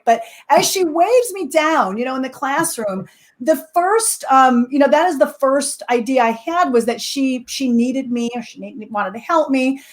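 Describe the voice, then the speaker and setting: Animated high-voiced woman telling a story. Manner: lively, animated anecdote with fillers and laughs. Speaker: co-teaching expert guest. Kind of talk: casual storytelling in a webinar talk.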